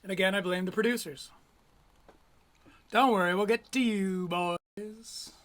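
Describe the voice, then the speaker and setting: A man's voice: high-pitched, measured pace, a bit bright. A man hosting a live stream, reacting to podcast clips with profane, laughing, rambling commentary. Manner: profane, laughing often, loose rambling asides. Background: Irish-style rock music playing.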